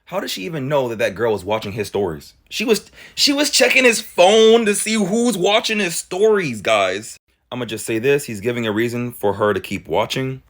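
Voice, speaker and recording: A man giving reaction commentary to viewers, animated and full of rhetorical questions. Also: medium pitch, moderate pace. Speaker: commentary creator reacting to clips.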